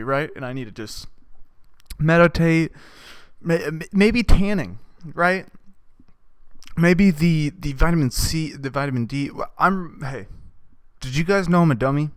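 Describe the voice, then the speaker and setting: A young man rambles through a deadpan comic monologue, tossing in "right?" after nearly every thought. His voice is smooth and resonant, recorded close and dry with no room sound. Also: a little high, no echo. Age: young adult. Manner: deadpan, absurd, with many "right?" asides. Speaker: podcast host.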